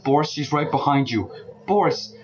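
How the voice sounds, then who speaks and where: A man giving let's play commentary, talking to the game characters and breaking into panicked shouts. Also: medium pitch, a little slow, dull audio. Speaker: gaming channel host. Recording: clear background noise.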